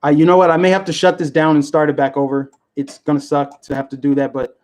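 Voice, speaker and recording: An angry man on a livestream, his voice sitting a little higher than most men's. He rants in heated bursts and circles back to the same points. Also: level tone, quick pace, a little mellow. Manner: heated, indignant, repetitive. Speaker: livestream vlogger. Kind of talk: angry political livestream rant.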